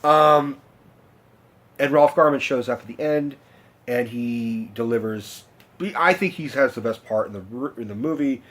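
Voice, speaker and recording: A young man talks straight to his vlog audience in a loose, rambling way. He swears freely, trips over his own sentences and restarts them, and his voice sits at an ordinary middle pitch. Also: unhurried, fairly bright tone. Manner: rambling, profane, self-interrupting. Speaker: vlogger.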